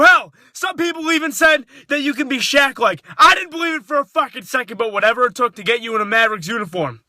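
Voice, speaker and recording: A man with a very high, piercing voice tears into his targets in a furious, profanity-laced rant. He shouts through much of it, sounding sharp and tense, recorded very dry and close. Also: normal speed, no room sound. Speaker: sports fan. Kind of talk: angry rant to camera.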